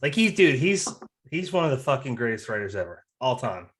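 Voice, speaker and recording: A male podcast co-host who talks with keen, joking enthusiasm and swears freely. His voice sits in the middle of the male range, and the talk is relaxed, casual chat. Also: medium pitch, fairly quick.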